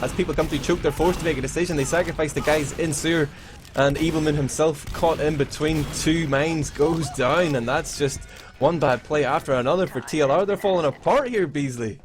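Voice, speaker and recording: A man's voice: on the high side, steady tone, brisk, music in the background. A man with an Irish accent giving chatty live play-by-play commentary on a game, with frequent fillers and easy laughs. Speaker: esports caster. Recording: noisy background.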